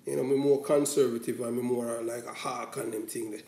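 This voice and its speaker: A man's voice: medium pitch, flat delivery, brisk, mellow. Jamaican man rambling in patois, echoey room. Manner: rambling, mixes patois with standard English. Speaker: commentator. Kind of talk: casual opinion monologue.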